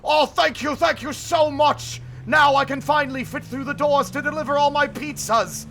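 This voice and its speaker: A man voicing a huge, clumsy, apologetic monster who delivers pizza, in a loud, high, over-eager squawk. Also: steady tone, normal speed, creaky, heavily acted. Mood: overjoyed. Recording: noisy with game car sounds.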